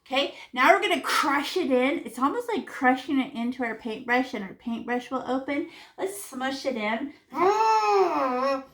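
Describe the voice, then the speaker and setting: A woman's voice: sits high, moderate pace, few pauses, fairly bright tone. A woman teaching a painting lesson to children in a playful, chatty way, making sound effects and repeating words. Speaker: art teacher. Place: classroom or home room.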